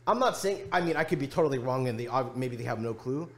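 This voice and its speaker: A man's voice: mid-range voice, lively intonation, fast talker. A man in his twenties hosting a podcast, talking casually and hedging his points with "you know?". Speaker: podcast host. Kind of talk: casual chat.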